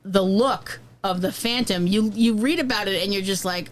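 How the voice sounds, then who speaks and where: A woman's voice: mid-range voice, moderate pace. A woman co-hosting a podcast, chatting casually and frankly about an old horror film. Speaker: podcast co-host. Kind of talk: casual film review chat.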